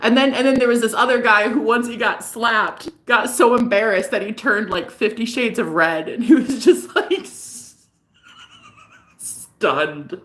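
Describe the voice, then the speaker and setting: A woman chatting in a casual, gossipy vlog monologue, animated and profane, often laughing as she talks. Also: a little high, measured pace. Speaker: spiritual reader and vlogger.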